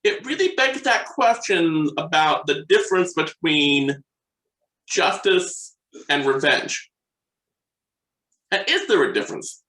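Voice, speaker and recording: A bright, fairly high man's voice with a roomy echo around it. He chats eagerly, working from his notes and trailing off as he searches for the next point. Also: lively intonation, slow pace, long pauses. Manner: enthusiastic, checks his notes, trails off mid-thought. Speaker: podcast co-host. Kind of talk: casual chat.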